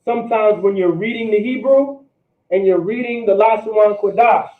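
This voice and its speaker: Speaking at normal speed in a high voice, a man teaches a language class in a classroom or meeting room, repeating words and regularly asking his students "all right?". The audio is roomy and distant, like a phone.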